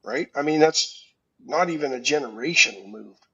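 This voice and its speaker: A man's voice: fairly high pitch, moderate pace, bright, forceful tone, breathy edge, muffled recording. A man co-hosting a call-in talk show, blunt and emphatic, often repeating words as he starts a thought. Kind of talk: casual political call-in talk.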